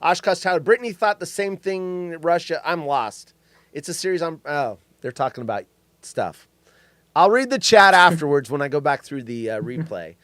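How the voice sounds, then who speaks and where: A man co-hosting a casual live-stream podcast, telling stories in an animated way and reading viewer comments aloud. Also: on the high side, moderate pace, no echo. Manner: animated storyteller, reads chat aloud. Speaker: podcast co-host.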